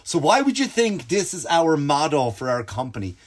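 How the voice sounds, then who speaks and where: Male podcast host, loose, profane, exasperated storyteller who slips into quick impressions. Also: on the high side, sing-song. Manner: mimics other people in quoted bits. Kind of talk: casual comedic monologue.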